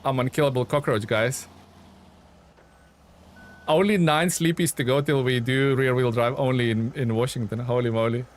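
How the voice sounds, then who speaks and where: A man streaming a game, chatting casually and excitably with his viewers. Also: medium pitch, moderate pace, long pauses. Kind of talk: casual live-stream chat while playing.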